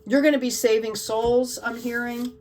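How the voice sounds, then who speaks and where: A woman's voice: on the high side, steady tone, normal speed, darkish tone, recorded from a distance, a little hiss or hum, low-quality recording. A woman giving a tarot card reading to her viewers in an emotional, gushing way, often checking in with "okay?". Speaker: tarot reader.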